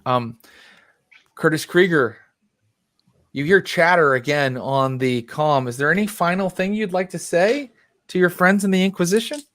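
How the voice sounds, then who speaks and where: A man's voice: fairly high pitch, normal speed, fairly bright tone, dry recording. A man running a tabletop role-playing game as storyteller, narrating in a loose, chatty way with fillers.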